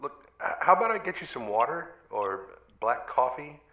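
A man's voice: mid-range voice, big pitch swings, moderate pace, pushed and bright, roomy sound, low-quality recording. A man playing a hesitant, stammering male recording engineer who politely corrects the talent.

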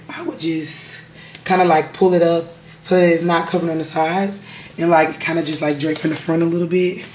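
A young woman vlogger with a raspy, strained voice, chatting casually to her viewers at home and calling them y'all. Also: sits low, a little mellow, slight background noise. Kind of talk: casual chat to camera. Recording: roomy echo.

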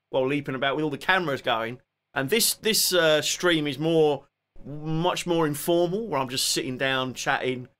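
A man with a Cockney accent, sitting at home hosting a relaxed music live stream and chatting loosely as he thanks viewers by name. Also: mid-range voice, clean tone. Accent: Cockney English. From England. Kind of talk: casual live-stream chat.

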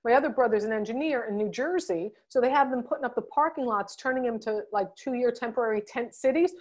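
A woman with a New York accent hosting an interview, chatting warmly and affirming her guest over a video call. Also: on the high side, quick pace. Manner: warm, effusive, affirming. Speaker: host. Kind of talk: casual interview chat.

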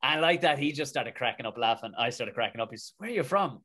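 A man with a Tipperary Irish accent, a comedian and actor, telling stories as a podcast guest in a lively, colloquial way full of swearing. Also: medium pitch, quick pace, slightly rough. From Tipperary, Ireland. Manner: animated, swears freely, colloquial. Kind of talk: casual storytelling in a podcast interview.

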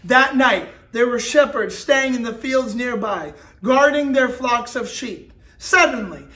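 A man with a strikingly high voice teaches a children's church lesson. He speaks straight to the kids with energy, guiding them step by step through a craft while telling the story. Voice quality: energetic, talking directly to children.

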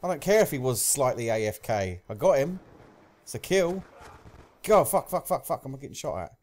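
A young man commentating live gameplay, swearing often and yelling at kills and deaths, with a slight cough. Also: mid-range voice, moderate pace. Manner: excitable, swears a lot, shouts at game events. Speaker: gaming commentator.

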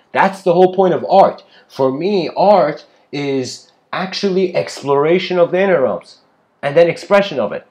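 A man's voice: sits high, darkish tone. A man giving an improvised spiritual lecture, rambling with frequent restarts and casual asides. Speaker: spiritual speaker.

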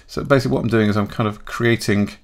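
A man talking through a software tutorial in a chatty way, thinking aloud and correcting himself as he goes. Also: lowish voice, steady tone, fast. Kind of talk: screen-recorded software tutorial.

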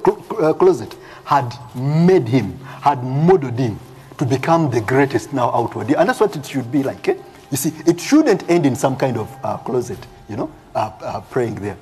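A man preaching a live sermon as a prophet, reading scripture aloud and explaining it, often ending lines with "eh?" and laughing. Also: medium pitch. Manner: animated preaching with frequent "eh?" tags and laughs.

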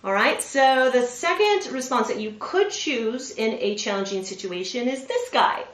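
A woman in her forties gives an animated motivational talk, keeping her listeners with her by asking them to agree. Her voice sits fairly high for a woman, and it comes across from a distance in a roomy, echoing space. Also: measured pace. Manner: animated, checks in with listeners with frequent "right?". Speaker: veterinarian and public speaker. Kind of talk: motivational presentation. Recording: roomy sound from a distant mic.

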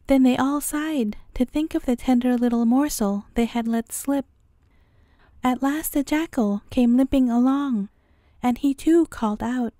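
A woman reads a fairy tale aloud as a bedtime story, gentle and even in her delivery. Her voice is high and warm-toned, and it sounds close and dry with no room around it. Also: unhurried, no room sound.

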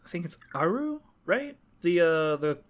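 A man's voice: a little high, sing-song, measured pace. Upbeat young man chatting on a podcast. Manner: enthusiastic, laughs often, swears casually. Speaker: podcast co-host. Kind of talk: casual chat.

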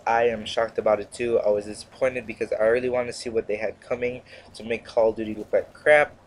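A little hiss or hum sits under the mid-range voice of a teenage boy narrating his gaming. He rambles sarcastically and keeps cutting his own sentences short.

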